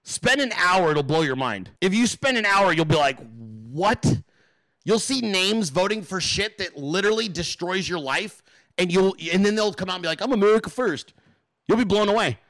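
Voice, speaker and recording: A man with a high, bright, forceful voice rants on a political livestream. He is emphatic and profane, and he rambles as he talks straight to his viewers and chat. The recording is dry and close, with no room sound. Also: animated, fairly quick, no echo. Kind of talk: casual profane political rant.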